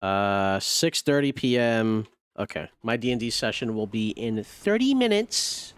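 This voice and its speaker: Profane, excitable male streamer. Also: on the low side, unhurried, clean tone, no echo. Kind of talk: casual gameplay commentary.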